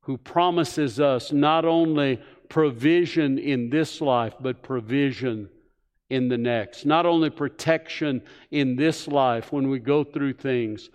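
Slow, earnest preacher in a reverberant hall. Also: male voice, medium pitch, smooth. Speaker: pastor. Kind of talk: sermon. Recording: church hall with long reverb.

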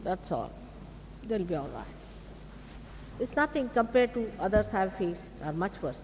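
A woman's voice: mid-range voice, big pitch swings, unhurried, a little mellow. A woman with an Indian accent giving an emphatic public spiritual talk, admonishing her listeners and asking them rhetorical questions. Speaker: spiritual teacher. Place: large public hall. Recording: echoey hall, faint hiss, old archive tape.

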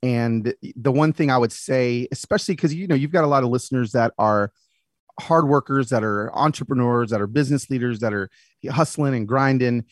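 Earnest, animated man, dry sound. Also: medium pitch, fairly quick, no echo. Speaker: podcast guest. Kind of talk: casual conversation.

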